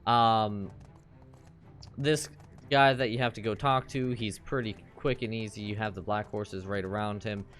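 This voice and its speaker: A man's voice: fairly even intonation, a little slow, fairly bright tone, faint music behind. A man casually commenting on his gameplay as he plays, rambling and offhand. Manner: rambling and offhand, puts on silly high voices for characters. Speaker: game walkthrough host.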